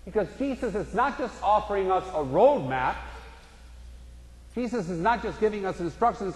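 A man delivers a sermon from the pulpit with a high voice. He tells stories and slips into the voices of the people in them. His voice rings out through a large church with a long echo. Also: sing-song, takes it slowly, pauses often, darkish tone. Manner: storytelling preacher, acts out voices in anecdotes. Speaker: pastor. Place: church sanctuary. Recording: echoey church hall.

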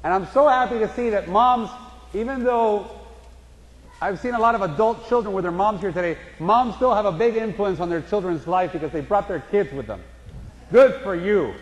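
High-pitched male pastor preaching, tells stories and does little voices, big echoey church hall. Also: moderate pace. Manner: storytelling preacher, acts out voices in anecdotes. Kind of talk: sermon. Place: church sanctuary.

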